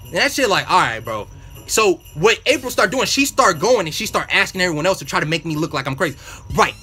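A man's voice: high-pitched, sing-song, fast, pushed and bright, husky, faint music behind. A man telling a workplace story as a profane, exasperated casual rant, full of slang. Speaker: vlogger.

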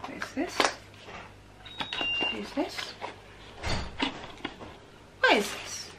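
A woman in her fifties unboxing gifts on her vlog, gushing and stammering with excitement, repeating her exclamations. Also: high voice, extremely slow, gravelly, very noisy. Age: 50s. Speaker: vlogger.

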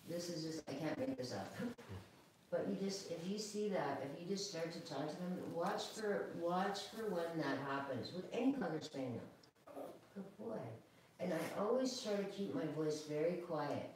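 Woman groomer, chatty, calm teaching tone, lowish voice, heard from off-mic in a very echoey room. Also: moderate pace, far from the mic, a little hiss or hum. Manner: chatty and calm, talks to the dog. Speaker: dog groomer. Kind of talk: live grooming demonstration.

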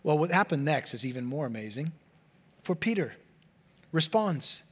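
Guy pastor preaching, pretty high voice, swings up and down a lot, goes quiet n low for effect. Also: moderate pace, breathy edge. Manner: animated preaching, often dropping to a hushed low voice. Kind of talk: sermon.

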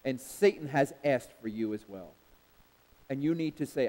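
A man's voice: on the high side, sing-song, measured pace, a little mellow. A man preaching a sermon with emphatic, repeated refrains, calling out to the congregation for responses. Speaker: pastor. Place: church sanctuary. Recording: long hall reverb in a church.

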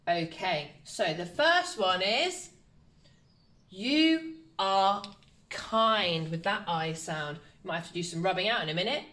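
A woman teacher, giving a slow, encouraging phonics lesson to young children and sounding out letters. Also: medium pitch, animated, pushed and bright. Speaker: primary school teacher. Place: home, recorded for online learning.

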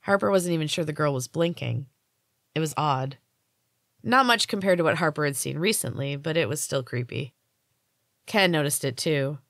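Host reading her own fiction, woman with a low voice, calm and measured delivery, dry close sound. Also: no echo. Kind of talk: audiobook-style story narration.

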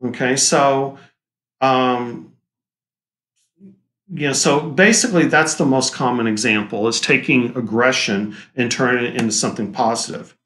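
A male teacher giving a recorded lecture with a relaxed, joking delivery. He speaks at a medium pitch and now and then acts out what people say. The sound has a noticeable room echo. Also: unhurried. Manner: casual, joking, acts out quoted lines.

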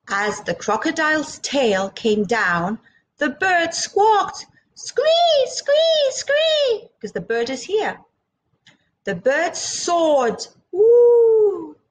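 A woman's voice: on the high side, a little hiss or hum, low-quality recording. A woman reading a children's picture book aloud, acting out sound effects and chatting to young listeners. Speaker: children's storyteller.

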